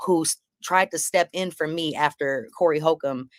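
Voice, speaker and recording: A woman comedian telling a story on a live panel show, acting out each quoted line with big jumps in pitch and plenty of swearing. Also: moderate pace, dry recording, studio quality.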